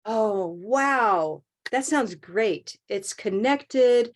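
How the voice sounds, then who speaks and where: A woman teaching an English pronunciation class over a video call, modeling phrases slowly and praising her students. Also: fairly high pitch, expressive. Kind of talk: online class coaching.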